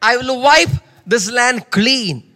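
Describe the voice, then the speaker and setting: A furious young warrior king vows revenge, slowly and loudly, as a male preacher acts him out. He speaks in a high voice in a sermon retelling of a scripture story. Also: lively intonation, long reverb tail, full character voice.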